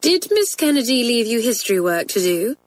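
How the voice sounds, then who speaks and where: A woman's voice: fairly high pitch, big pitch swings, fairly quick, pitched above the performer's own voice. A woman reading aloud and voicing a stern, dry-witted schoolteacher who speaks sharply.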